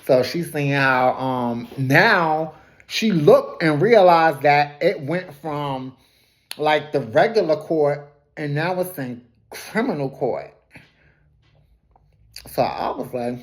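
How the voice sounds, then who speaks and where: A woman's voice: low-pitched, expressive, slow pace. A woman giving a casual, gossipy recap of a reality TV episode, laughing often, throwing shade and correcting herself as she goes. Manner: loose colloquial phrasing with frequent self-corrections.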